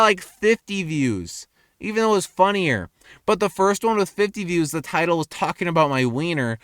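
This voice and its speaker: A young man rambling in a casual rant, crude and self-mocking, his pitch jumping up and down. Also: a bit bright, clear, resonant tone, dry recording, clean studio sound. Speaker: vlogger. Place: car in a parking lot at night.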